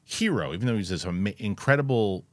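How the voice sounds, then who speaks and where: A man's voice: on the low side, lively intonation, fast, no room sound. A man co-hosting a podcast, chatting casually about a film with lots of restarts and some swearing. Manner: rambling, frequent restarts, swearing. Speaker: podcast co-host. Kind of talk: casual movie review chat.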